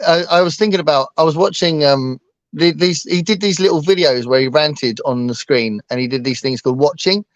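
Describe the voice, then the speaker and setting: A man's voice: fairly high pitch, a little fast, no echo. Rambling man, casual book chat co-host, fillers galore, dull dry recording. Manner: rambling, with many fillers and restarts. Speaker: booktuber co-host.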